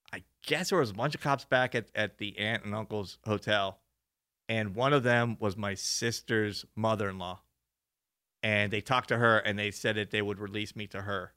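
A young adult man co-hosting a podcast tells a story in a clear, resonant voice with a fairly low pitch. The conversation is casual and he's animated throughout, laughing often and swearing freely.

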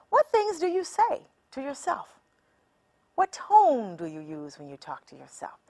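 A woman hosting a self-help podcast, speaking in a calm coaching way that builds to emphatic encouragement. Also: medium pitch. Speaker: podcast host. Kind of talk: reflective self-help teaching.

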